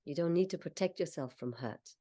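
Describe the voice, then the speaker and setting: A woman coach leading a slow, soothing guided visualization, talking the listener through each step. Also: low voice, warm tone. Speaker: confidence coach.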